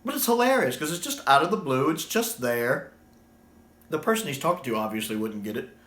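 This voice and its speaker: A man giving casual, enthusiastic fan commentary, getting animated when he quotes lines. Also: fairly high pitch, a little fast. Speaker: YouTube commentator. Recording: roomy echo.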